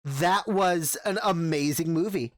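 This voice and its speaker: A man's voice: fairly high pitch, measured pace, dry recording, clean studio sound. A man hosting a casual podcast, chatting in a rambling way with many restarts. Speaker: podcast host.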